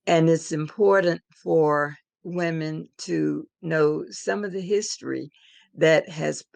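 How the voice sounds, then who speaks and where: An older woman telling a personal story in an interview, in a measured, reflective way. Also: deep voice, gravelly, a little mellow, dry recording. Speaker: interviewed elder.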